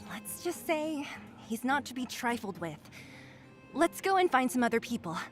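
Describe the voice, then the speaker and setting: A brisk young woman gives urgent orders in a commanding tone. Her voice sits fairly high. It is video game voice acting. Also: sing-song, soft background music.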